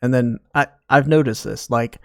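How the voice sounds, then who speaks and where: Guy cohosting a podcast, jokey, stammers a lot, normal pitch, dry close audio. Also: normal speed, vocal fry, no echo. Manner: joking, rambling, stammering restarts. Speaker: podcast co-host. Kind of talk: casual chat.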